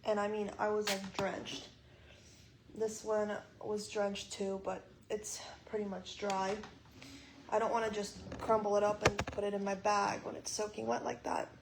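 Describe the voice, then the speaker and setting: Young woman vlogger, hospital room, angry and swearing as she vents; level, monotone voice. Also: medium pitch, a little slow, background noise. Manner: frustrated, swearing, quoting others in dialogue. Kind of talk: venting to camera.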